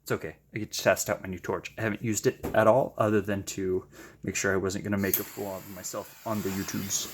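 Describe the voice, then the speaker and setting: A man chatting casually while he paints, gushing with excited exclamations and making self-deprecating asides. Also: sits low, brisk, slight background noise. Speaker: paint-pouring channel host.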